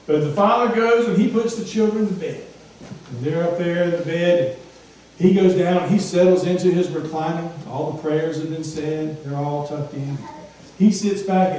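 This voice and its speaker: This pastor's high, mellow male voice echoes through a church sanctuary, captured from a distance with slight background noise. His sermon is emphatic, full of repeated phrases and rhetorical questions.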